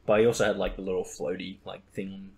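A man's voice: sits low, little pitch movement, quick pace, gravelly. A young man hosting a podcast in casual chat, rambling and laughing at his own stories. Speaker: podcast host.

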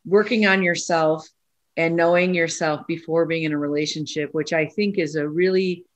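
A woman's voice: low-pitched, fairly even intonation, moderate pace. A woman co-hosting a relationship podcast, asking the guests curious questions. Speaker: podcast co-host. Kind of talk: interviewing.

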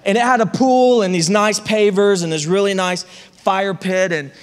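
A male pastor preaching a sermon as an animated comic story, often repeating words as he gets going. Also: high-pitched, moderate pace, clean tone, in a large hall. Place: church sanctuary.

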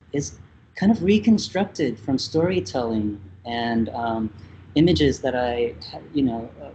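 A Vietnamese-born man in his thirties speaks slowly and thoughtfully, pausing often on fillers. His voice sounds mellow and warm. It reaches us through dull, lo-fi remote audio with a faint hiss behind it. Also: mid-range voice. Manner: thoughtful, hesitant with many fillers. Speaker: musician guest. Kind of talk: casual interview talk.

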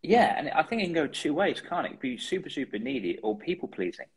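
A man hosting an interview, mostly offering short agreement and quick remarks. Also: a little high, very animated, husky. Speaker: podcast host. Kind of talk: casual interview chat.

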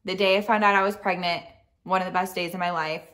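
A woman's voice: on the low side, quick pace. Chatty young woman vlogger. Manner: chatty and excited, with frequent fillers and restarts. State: speaking softly near a sleeping baby. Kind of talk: casual storytelling vlog.

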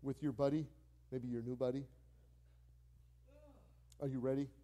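A man, a pastor, preaching a sermon in a church with animated delivery, repeating key phrases for emphasis and acting out quoted conversations. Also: medium pitch, unhurried. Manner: acts out quoted phone calls with playful voices.

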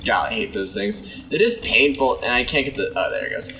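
Let's-play host, young man, slightly hoarse; bright, animated delivery, faint ambience behind. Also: mid-range voice, fairly quick, recorded from a distance, a little hiss or hum. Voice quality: sore voice. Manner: chatty, exclaims and talks to enemies. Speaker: gameplay commentator.

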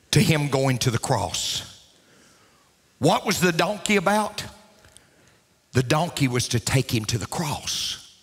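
A man preaching a sermon as pastor, emphatic and rising to shouts, repeating key lines for emphasis. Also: fairly high pitch, slightly rough. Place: church sanctuary. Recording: long reverb of a church hall.

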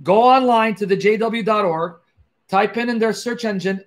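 Moderately paced and high-pitched, a livestream host comments on a video clip for his Christian apologetics stream. He hammers key words through repetition, speaks with emphasis, and addresses viewers directly.

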